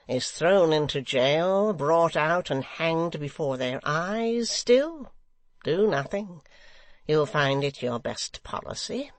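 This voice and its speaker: A man's voice: on the high side, no echo. A man doing a cold, sneering secretary. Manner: measured and mocking, with cold sneers.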